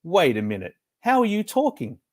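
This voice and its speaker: A man voicing an excitable, earnest young boy in a storybook reading. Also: fairly high pitch, normal speed, pitched above the performer's own voice. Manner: eager, excitable.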